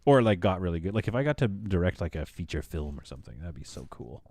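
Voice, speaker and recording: Rambling thirties male streamer, deep voice, dry and close. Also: very animated, quick pace, vocal fry, darkish tone, no room sound. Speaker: live streamer. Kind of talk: casual live-stream chat while building.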